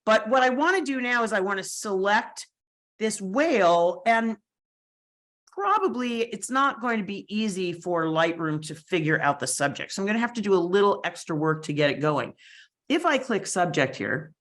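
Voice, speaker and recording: A woman's voice: medium pitch, big pitch swings, normal speed, a bit bright. A woman instructor walking through a photo editing tutorial in a chatty, explanatory way, with fillers and asides. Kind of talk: screen-share software tutorial.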